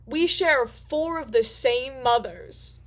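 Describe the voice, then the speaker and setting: A woman's voice: high-pitched, slow. A woman voicing a laid-back alien traveller who talks in offhand, swearing slang. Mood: chummy.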